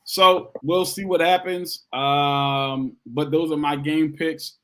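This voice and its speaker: A man co-hosting a casual sports podcast, animated and repeating his points for emphasis. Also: a little high, slow pace, few pauses. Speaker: podcast co-host.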